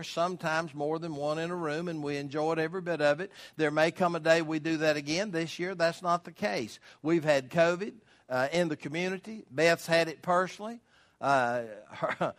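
A man's voice: on the high side, fairly bright tone. Folksy older man preaching a sermon. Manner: folksy, emphatic preaching with rhetorical questions. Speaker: pastor.

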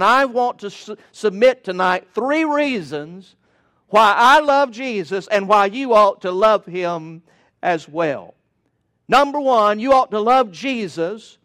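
A man's voice: high-pitched, fairly bright tone. A male preacher delivering a sermon in an emphatic, rhythmic cadence with touches of folksy humor.

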